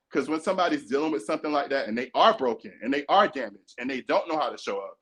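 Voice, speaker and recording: A man's voice: mid-range voice, animated, fast talker, hardly any pauses, fairly bright tone. A man co-hosting a podcast, talking earnestly and emphatically in casual chat. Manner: earnest, emphatic, acts out quoted voices. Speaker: podcast co-host.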